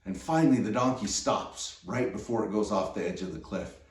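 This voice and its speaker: A man casually talking through his gear in a relaxed, rambling way, full of fillers and restarts. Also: on the low side, a little fast. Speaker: vlogger reviewing gear. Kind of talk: casual product talk. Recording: roomy, distant mic.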